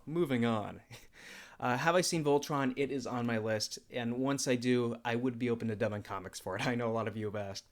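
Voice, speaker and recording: Laid-back young man answering fan questions. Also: mid-range voice. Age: young adult. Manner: relaxed, laid-back, many filler "uh"s. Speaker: YouTuber and comic dubber. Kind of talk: casual livestream Q&A.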